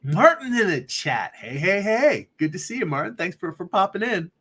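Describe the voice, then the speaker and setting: A male artist streams live, chatting casually in a high, slightly breathy voice at a moderate pace. Relaxed and rambling, he laughs often and reads viewers' chat comments aloud as he answers them.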